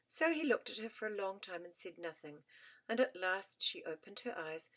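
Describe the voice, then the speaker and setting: A woman narrates a storybook in a gentle, expressive way, her pitch rising and falling freely from line to line. Her voice sits in a middle register, neither high nor low. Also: moderate pace. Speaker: audiobook narrator. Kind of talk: storybook reading aloud.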